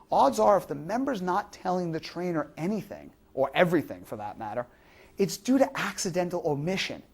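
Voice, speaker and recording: A woman's voice: on the low side, darkish tone, husky. A woman giving an instructional lecture to fitness trainers, explaining through examples and rhetorical questions.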